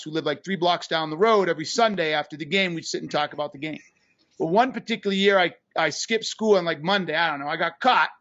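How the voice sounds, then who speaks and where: A man co-hosting a podcast, ranting bluntly and profanely, at times breaking into shouts. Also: high voice, dull audio. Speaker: podcast co-host. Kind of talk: fired-up podcast rant.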